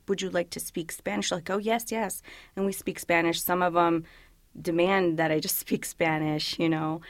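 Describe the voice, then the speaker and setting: A woman's voice: lowish voice, no room sound. A woman police officer whose parents are from El Salvador, chatting freely in an interview with lots of "you know" and acted-out quotes. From United States, parents from El Salvador. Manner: chatty, many fillers, acts out quoted people. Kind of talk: casual interview answers.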